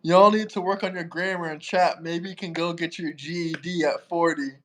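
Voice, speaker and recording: A man's voice: fairly high pitch, fairly even intonation, moderate pace. A man from Florida hosting a livestream, easygoing and urging the chat to send in questions. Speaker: livestream host.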